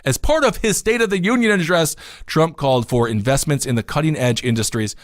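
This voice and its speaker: A man's voice: fairly high pitch, a little fast, dry recording, clean studio sound. A man co-hosting a casual political talk podcast, reading news aloud with jokey, rambling asides and getting worked up and emphatic. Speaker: podcast co-host. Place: home studio in New York City.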